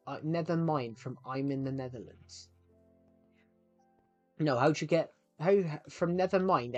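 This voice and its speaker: A man with a somewhat high, slightly mellow voice rambles to his viewers while streaming a game live, often interrupting himself mid-sentence. There's no room sound on the recording.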